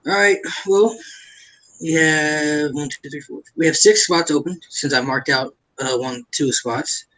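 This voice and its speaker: A man chatting casually as a podcast co-host, excitable and repeating himself as he tells a story. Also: a little high, a little slow. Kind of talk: casual chat.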